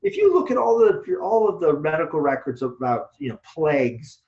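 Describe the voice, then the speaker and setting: A man's voice: on the high side, normal speed. Blunt, profane man in an echoey room. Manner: blunt, profane, animated ranting. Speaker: co-host, Taoist teacher. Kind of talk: casual discussion. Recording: echoey room, dull lo-fi sound.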